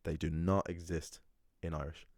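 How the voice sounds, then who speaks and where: With a very deep, level, slightly mellow voice at normal speed, a man teaches learners how to pronounce Irish. He's emphatic and critical of common mistakes and often restarts. The audio is studio quality with no echo.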